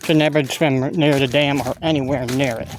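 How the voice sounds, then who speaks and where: A man's voice: mid-range voice, fairly even intonation, background noise. Rambling man walking outdoors by a river. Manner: rambling, halting, stops to give safety advice. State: out of breath from walking. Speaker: walking tour vlogger. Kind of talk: casual walking commentary. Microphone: handheld phone camera while walking.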